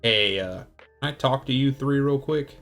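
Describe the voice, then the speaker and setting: A man voicing a quiet young female student who speaks in a hushed, confiding way. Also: medium pitch, a little slow, faint music behind, pitched above the performer's own voice, natural voice.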